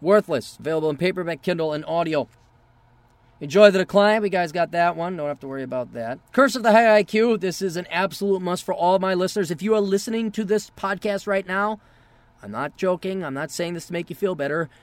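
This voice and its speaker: Profane high-voiced ranting podcast man. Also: a little fast, no room sound. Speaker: podcast host.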